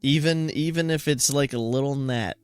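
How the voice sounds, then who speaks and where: A man's voice: mid-range voice, moderate pace, smooth, no echo, faint music behind. A man co-hosting a podcast, teasing his friend in an easygoing, laughing, casual way. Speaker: podcast co-host. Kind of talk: casual chat.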